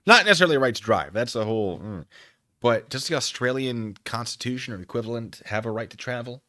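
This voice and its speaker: Animated man chatting on a live stream. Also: medium pitch, fast, dry recording, studio quality. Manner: animated, joking, reads chat aloud. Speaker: streamer reacting to a video. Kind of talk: casual live-stream commentary.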